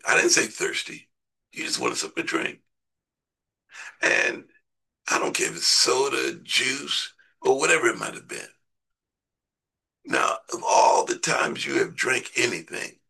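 A man's voice: medium pitch, vocal fry, sharp tone, husky. A man preaching a sermon in a conversational way, repeating words and putting questions to his listeners.

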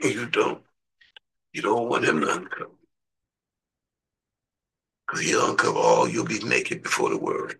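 Gravelly, impassioned male preacher. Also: low-pitched, huge pitch swings, measured pace, long pauses, distant mic. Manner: impassioned, surging from hushed to shouting. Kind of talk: sermon with prayer.

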